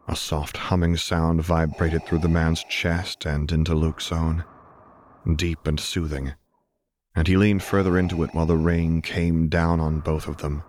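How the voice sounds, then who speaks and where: Male audiobook reader, calm and measured, very deep voice, faint hiss in the recording. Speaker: narrator. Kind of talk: audiobook reading of fan fiction.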